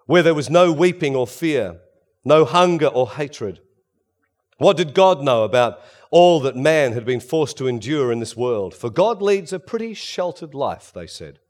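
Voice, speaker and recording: A man preaching a sermon, swinging between loud emphasis and hushed, quiet passages. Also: medium pitch.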